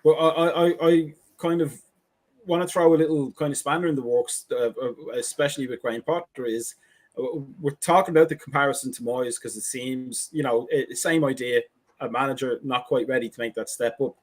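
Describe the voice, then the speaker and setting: A man's voice: mid-range voice, fairly quick. A man hosting a football podcast, stammering a little as he poses questions in casual chat. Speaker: podcast host.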